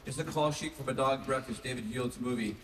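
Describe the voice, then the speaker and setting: A man on a convention panel running a fan auction, calling out bids briskly and loudly. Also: mid-range voice, a little hiss or hum. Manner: calls bids briskly, rising and loud. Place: large convention hall. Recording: echoey hall recorded from far off.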